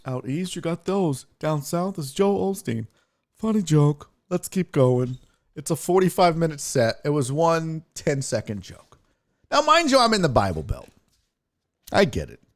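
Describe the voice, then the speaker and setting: A man hosting his own sports podcast and telling a story casually. His voice sits high and leaps all over the place, dropping to a low mutter one moment and nearly shouting the next. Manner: animated, swings between muttering and near-shouting. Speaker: podcast host.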